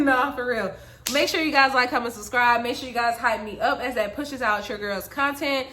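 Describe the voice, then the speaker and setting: A young woman vlogger telling a casual storytime, animated and lively, slipping into voices as she quotes people. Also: sits high, normal speed. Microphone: phone or tablet camera. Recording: echoey room.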